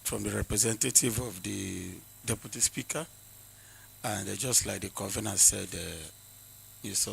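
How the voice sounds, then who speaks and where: A Nigerian man giving an earnest, exhorting address at a youth forum, pausing often on hesitations. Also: low voice, creaky, fairly bright tone, slight background noise, poor audio. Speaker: forum speaker.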